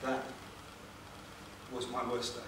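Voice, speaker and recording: A man, a motivational speaker telling an emotional personal story at a seminar, with dramatic pauses and questions to the audience. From England. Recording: echoey room, distant mic, background noise.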